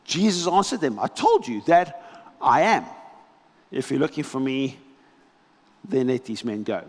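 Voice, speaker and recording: A man preaching a sermon as pastor, telling scripture stories with animated, dramatic delivery and pauses. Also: medium pitch, long reverb tail. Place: church hall.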